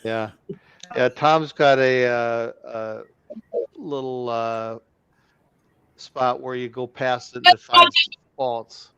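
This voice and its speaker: A man with a smooth, clear voice chats in a friendly, joking way about model trains. His audio is dry and a bit dull and lo-fi, as if coming in over a remote call. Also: medium pitch, sing-song, slow pace, pauses often, sharp tone, no room sound. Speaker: guest in a model railroad chat. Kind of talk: casual chat.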